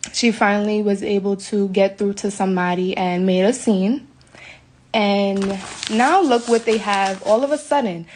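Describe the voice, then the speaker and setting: A woman's voice: mid-range voice, darkish tone, a little hiss or hum. An upset, shaken woman from the United States vents to her followers in a live video from a hotel room. She talks emphatically into her phone and repeats herself. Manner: emphatic and repetitive, venting. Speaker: vlogger speaking to her viewers.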